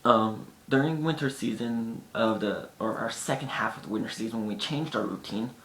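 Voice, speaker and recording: A vlogger with a fairly bright tone speaks at a moderate pace, chatting through casual stories aimed at the camera. Occasionally he slips into his friends' lines. Faint rumble and echo fill the room.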